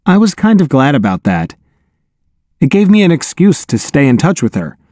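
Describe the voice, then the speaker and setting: A man narrating a children's novel in the first person, wry and lively. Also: on the high side, moderate pace, no room sound, clean studio sound. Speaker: audiobook narrator.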